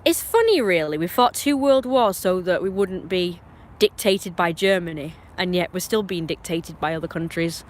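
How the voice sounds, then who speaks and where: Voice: medium pitch, animated, moderate pace, hardly any pauses. A live streamer with an English accent, talking in a meandering, opinionated way with frequent restarts and asides. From England. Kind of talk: rambling casual chat on a live stream.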